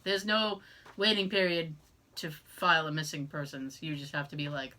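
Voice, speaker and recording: A podcast co-host from the Boston area, with a Boston accent, chats casually, swearing freely, laughing a lot, and putting on mock voices for quotes. Her voice sits low with fairly even intonation, a sharp tone, and a moderate pace.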